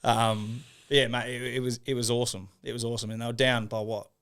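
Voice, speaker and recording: A gravelly-voiced young Australian man with an Australian accent, chatting as a podcast guest. He talks in a relaxed, easygoing way and tells his stories with frequent laughs. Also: mid-range voice, brisk. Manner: relaxed, laughs often, laid-back storytelling. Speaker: podcast guest, former footballer. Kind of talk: casual interview chat.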